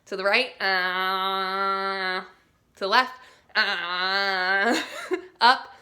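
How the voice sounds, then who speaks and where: Bright, playful woman leading a voice warmup. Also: mid-range voice, fairly even intonation, drawn-out words. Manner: playful, encouraging, demonstrates sounds. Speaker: teaching artist. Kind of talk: leading a vocal warmup for young students.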